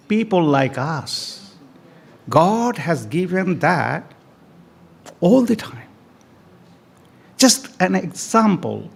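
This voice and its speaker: A man addresses an event audience, dwelling slowly on each point and leaning into key words. His voice is gravelly and slightly high, and it rises and falls widely as he repeats phrases for emphasis. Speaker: speaker at a family day event. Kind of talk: speech to an audience. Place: event hall.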